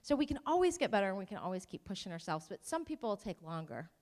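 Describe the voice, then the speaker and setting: A woman's voice: medium pitch, big pitch swings, quick pace, a little mellow. A woman giving an informal talk to parents, conversational, with ums and self-deprecating asides. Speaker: presenter at a parent workshop. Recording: long hall reverb.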